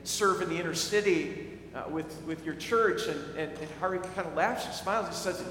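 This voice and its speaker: Earnest pastor preaching in an echoey hall. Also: male voice, high-pitched, normal speed, fairly bright tone, slight background noise. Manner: earnest, repeats words when starting sentences. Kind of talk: sermon. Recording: echoey hall with faint ambience.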